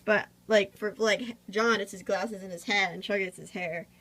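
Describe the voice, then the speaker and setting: A woman's voice: medium pitch, fairly even intonation, normal speed, fairly bright tone, poor audio. Chatty woman rambling while drawing. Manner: rambling, chatty, many fillers. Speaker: vlogger drawing on camera. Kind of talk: casual drawing tutorial chat. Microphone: phone camera.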